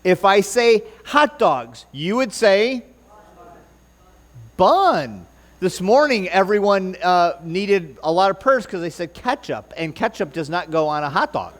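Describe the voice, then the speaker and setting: A man's voice: high-pitched, expressive, unhurried, a bit bright. A man preaching a sermon in church, joking and bantering with the congregation and stumbling over his notes. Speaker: pastor.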